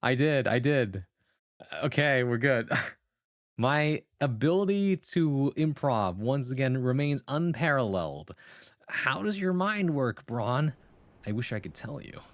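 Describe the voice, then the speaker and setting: A man's voice: medium pitch, animated, takes it slowly, dry recording, clean studio sound. A man streaming live, chatting casually with viewers, swearing and joking and laughing often. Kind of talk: casual live-stream chat and improvised storytelling.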